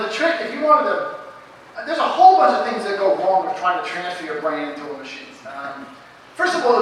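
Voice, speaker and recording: A middle-aged man speaks animatedly in a live Q&A, his voice high and bright. He tells anecdotes and restarts his sentences often. He is recorded from a distant mic in a reverberant lecture hall. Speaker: guest speaker in a Q&A. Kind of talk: live Q&A answer. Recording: echoey hall from a distant mic, faint background noise.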